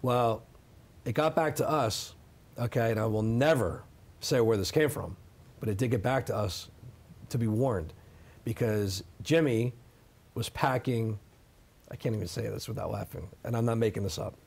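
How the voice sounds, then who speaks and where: A man's voice: medium pitch, moderate pace, vocal fry, long pauses, darkish tone, slightly rough. A middle-aged man giving a sit-down interview, telling his side of a story emphatically and often adding "okay?" to drive points home. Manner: emphatic, repeats "okay?" for effect. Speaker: interview guest.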